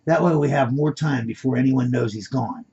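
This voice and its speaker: A man's voice: medium pitch, normal speed, gravelly, warm tone, slightly rough. A man voicing a bossy masked kidnapper. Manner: curt, giving orders. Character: bossy male kidnapper in black mask. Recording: dull lo-fi recording.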